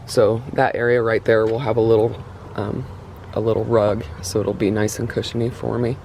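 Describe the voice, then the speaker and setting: Male vlogger, middle pitch, casual and rambling, slightly out of breath, faint noise behind. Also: fairly even intonation, normal speed, vocal fry. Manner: rambling, self-correcting, chatty. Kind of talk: casual build update to camera. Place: inside a vehicle being built out.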